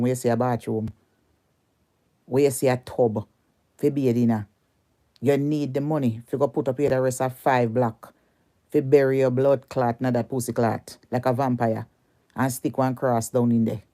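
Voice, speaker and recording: A woman's voice: very deep voice, mellow. A Jamaican woman delivering a heated, cursing rant at a rival on social media, repeating her insults over and over.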